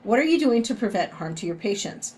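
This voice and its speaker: Her mid-range voice is sing-song and somewhat dark in tone, and she talks a little fast. A middle-aged nursing instructor with a Southern US accent, she gives her recorded lecture in a conversational style, often adding "right?" to what she says.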